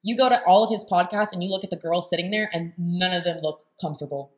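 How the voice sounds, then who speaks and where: A young woman talks over a clip she is reacting to, in a voice pitched a little low. She is blunt and sarcastic and swears freely, in the loose tone of casual commentary. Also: fast talker. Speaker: reaction video host.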